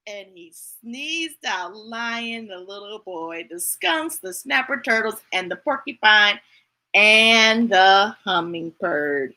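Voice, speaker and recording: Slow, bright-voiced woman reading picture books. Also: mid-range voice. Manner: playful and expressive, asks listeners questions. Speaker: storytime reader.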